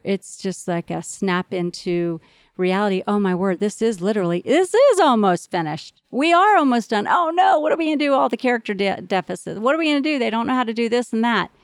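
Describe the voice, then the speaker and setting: A woman's voice: mid-range voice, darkish tone, dry recording, studio quality. A middle-aged woman hosting a podcast, talking earnestly and with animation straight to listening parents. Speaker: podcast host. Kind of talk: encouraging podcast monologue to parents.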